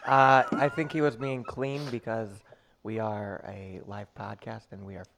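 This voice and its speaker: A man working as a podcast intern, offering calm, measured objections. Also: fairly low pitch, vocal fry, noisy background. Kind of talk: casual podcast banter.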